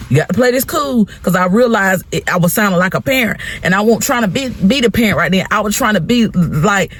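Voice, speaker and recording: A woman's voice: mid-range voice, fairly quick, breathy edge. A woman hosting a vlog, chatting candidly to viewers about parenting her teenage son and repeating phrases for emphasis. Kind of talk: candid casual chat to viewers.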